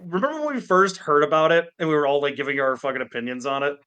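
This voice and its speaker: Brief: male podcast co-host on a call, bright, punchy, profane ranter. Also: fairly high pitch, quick pace, clear, resonant tone. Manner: ranting, heavy swearing, animated impressions. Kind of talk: casual chat. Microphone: Discord call.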